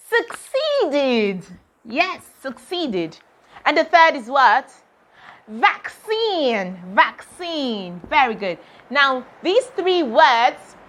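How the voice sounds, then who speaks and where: Woman teacher doing pronunciation drills for kids, asks then answers herself, very animated up and down. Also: high voice. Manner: drills words, asks and answers her own questions. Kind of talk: pronunciation lesson for children.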